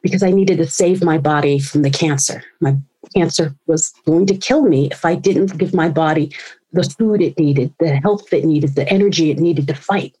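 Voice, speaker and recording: A woman in her forties telling her story as an interview guest, animated and acting out the people she quotes. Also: low-pitched, moderate pace, slightly rough, low-quality recording. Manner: animated, acts out quoted voices. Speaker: guest speaker and author.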